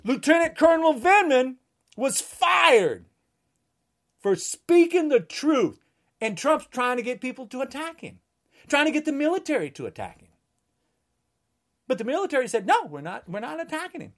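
Brief: heated woman ranting, high-pitched and swinging wildly, shouts now and then. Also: very animated, moderate pace, pauses often. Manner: angry, ranting, at times shouting. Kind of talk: political rant.

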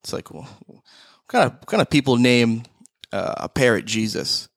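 A man's voice: medium pitch, animated, normal speed, vocal fry, no echo, clean studio sound. A young man in casual podcast chat, telling a joke and acting out the characters' lines. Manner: acts out dialogue, stumbles over the punchline.

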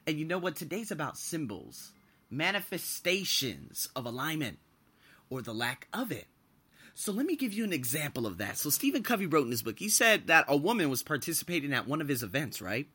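A young man hosting his podcast, telling stories in a casual, animated way, swearing freely and laughing at his own anecdotes. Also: a little high, fairly quick, husky. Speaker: podcast host. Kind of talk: casual storytelling monologue.

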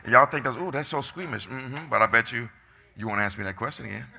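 Male preacher, emphatic and scolding; gravelly low voice. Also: pushed and bright. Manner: emphatic, street-talking, scolding congregation. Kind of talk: fiery preaching.

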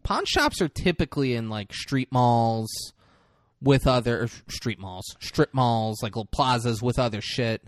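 Man, podcast co-host, casual profane movie recap, animated, dry close sound. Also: medium pitch, a little slow, no echo. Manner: animated, profane retelling with voices for characters. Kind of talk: casual chat.

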